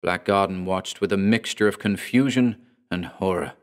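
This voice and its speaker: A man narrating a horror story in a measured, dramatic storytelling manner. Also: deep voice.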